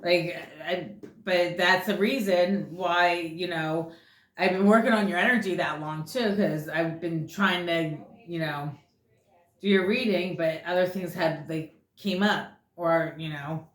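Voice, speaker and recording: In an echoey room, a female tarot reader gives a casual reading, rambling bluntly with plenty of profanity. She speaks a little slowly, her voice on the low side with fairly even intonation.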